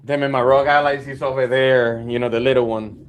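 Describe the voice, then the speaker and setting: A man's voice: medium pitch, fairly even intonation, slight background noise. Teasing male podcast co-host. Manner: teasing, quick interjections. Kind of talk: casual gaming podcast chat.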